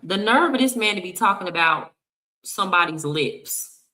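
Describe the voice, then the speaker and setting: A woman's voice: lowish voice, lively intonation, moderate pace, pushed and bright, low-quality recording. A woman from Texas with a Texan accent, giving blunt, sassy live reaction commentary straight to her viewers. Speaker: streamer reacting to clips.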